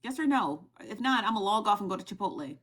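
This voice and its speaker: A young woman talks into her phone on a livestream, running through online gossip for her viewers. Her voice sits at a middle pitch, and she keeps it lively and chatty, stopping often to ask the audience questions. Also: fast talker. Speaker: TikTok live streamer sharing gossip news. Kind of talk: casual livestream gossip recap.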